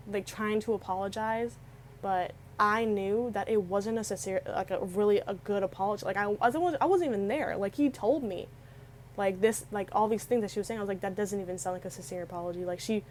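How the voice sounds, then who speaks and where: A woman's voice: medium pitch, darkish tone, a little hiss or hum, rough recording. Rambling teenage girl telling a story. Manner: rambling, heavy use of "like", many restarts. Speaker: vlogger. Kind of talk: casual storytime.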